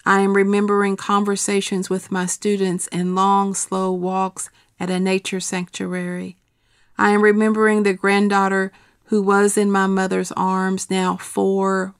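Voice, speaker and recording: A middle-aged woman reading her personal essay aloud in a quiet, measured, steady way. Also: mid-range voice, smooth, no room sound, clean studio sound.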